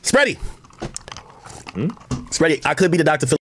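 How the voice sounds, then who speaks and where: A man giving rambling, excitable live-stream commentary, full of asides and quoted conversations. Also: a little high, moderate pace, slight background noise. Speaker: livestream commentator.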